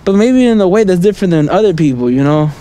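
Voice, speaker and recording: A man's voice: high-pitched, lively intonation, quick pace, dark tone. A man vlogging a rambling, casual stream-of-thought monologue, outdoors on a city street at night, constantly asking "right?" and "you know?" and chuckling between thoughts.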